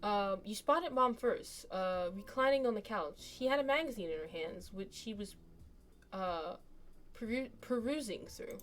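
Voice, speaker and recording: A woman's voice: mid-range voice, animated, a little slow, fairly bright tone. A woman streamer casually narrating a story game, reading the text aloud and chatting between passages.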